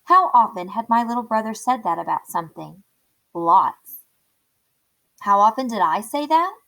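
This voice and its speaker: A woman reading a children's chapter book aloud in a clear, steady storytelling voice. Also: a little high, brisk, low-quality recording.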